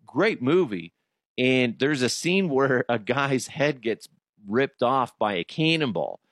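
A man doing a comedic podcast monologue who keeps jumping into loud, exasperated voices. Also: medium pitch, expressive, slow pace, dry recording, clean studio sound. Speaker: podcast host.

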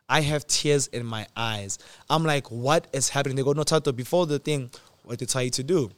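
A man in his twenties telling a personal story in casual chat, animated, acting out quotes with sudden jumps in pitch and loudness. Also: moderate pace, dry recording. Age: 20s. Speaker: host.

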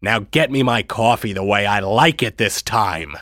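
A man's voice: fairly low pitch, takes it slowly, fairly bright tone, dry recording, clean studio sound, heavily acted. A man voicing a vain, imperious female movie star in an audio story, switching between snapped orders and theatrical gushing.

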